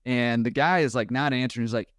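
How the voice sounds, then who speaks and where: A man telling a story on a podcast with quick, animated energy and a mid-range voice. The sound is dry and close. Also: mid-range voice, no echo. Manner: animated, quick, laughing at his own story. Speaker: podcast guest. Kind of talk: casual storytelling.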